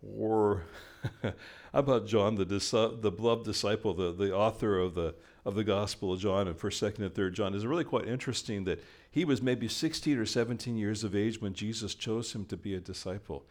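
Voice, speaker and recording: An older male pastor preaching a sermon, telling a story and acting out the quoted lines with lively, animated delivery. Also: fairly low pitch, normal speed.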